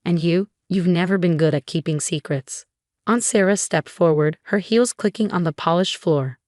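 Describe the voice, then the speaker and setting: A woman reading a scripted first-person story in an even, measured way. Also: fairly low pitch, dry recording, studio quality.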